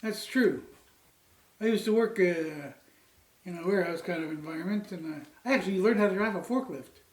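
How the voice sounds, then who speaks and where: In an echoey room, a Canadian co-host chats casually over a beer tasting, rambling and joking and saying "anywho" a lot. His voice is high-pitched and brisk, and the mic sits far from him.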